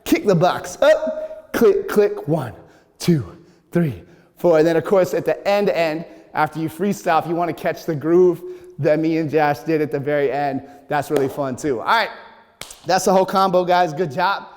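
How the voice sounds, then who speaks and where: Young male dance teacher, energetic and out of breath, counts beats in a big echoing studio. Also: on the high side, normal speed. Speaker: dance instructor. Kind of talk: dance tutorial, counting out moves. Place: large echoey dance studio.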